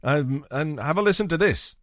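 A man's voice: on the high side, animated, moderate pace, dry recording, studio quality. A man hosting a podcast, chatting casually with wry asides. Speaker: podcast host.

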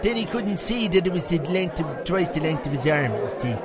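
A man's voice: a little high, lively intonation, fairly quick, over loud music, a loud crowd, lightly acted. A man voicing a crude, boastful Irish pub regular who rambles through foul-mouthed stories, with an Irish accent. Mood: rambling. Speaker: segment presenter. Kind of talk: comic monologue character.

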